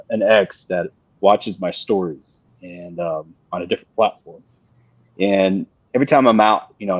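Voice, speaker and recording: A man talking on a panel in a casual discussion, halting and repeating himself with many fillers. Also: lowish voice, dry recording. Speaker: panel guest. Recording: dull dry lo-fi sound.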